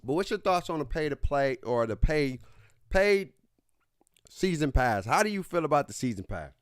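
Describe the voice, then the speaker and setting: A man's voice: on the high side, very animated, moderate pace, smooth, no room sound, clean studio sound. A man hosting a gaming livestream, chatting casually in a laid-back, slangy way, repeating himself as he talks to his viewers. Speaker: streamer host.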